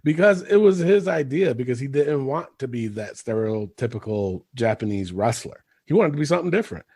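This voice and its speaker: A man's voice: mid-range voice, lively intonation, a little fast, warm tone, breathy edge. A man co-hosting a podcast in casual chat, rambling, laughing and swearing freely. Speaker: podcast co-host.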